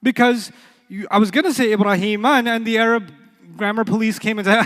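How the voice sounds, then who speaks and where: High-voiced joking man teaching in a reverberant hall. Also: moderate pace, fairly bright tone. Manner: playful, joking, quizzes the class. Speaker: Arabic teacher. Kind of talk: lively classroom lecture.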